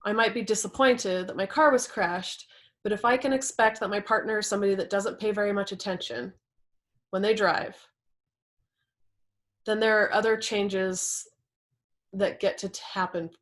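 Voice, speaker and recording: A woman's voice: medium pitch, a bit bright. A woman presenting a live workshop, talking it through in a conversational way and acting out example quotes.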